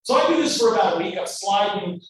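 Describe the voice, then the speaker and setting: High-voiced storyteller man in an echoey hall. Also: fast. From Louisiana. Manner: animated, acts out every character in his story. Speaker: guest speaker. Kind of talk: motivational storytelling speech. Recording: echoey hall, mic far off, faint noise.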